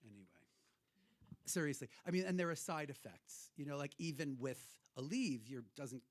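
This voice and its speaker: A man's voice: on the high side, lively intonation, normal speed, dry recording. A man hosting a cabaret show, talking to the audience in rambling, irreverent stage banter, swearing freely. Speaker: cabaret host and performer. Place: hotel cabaret room.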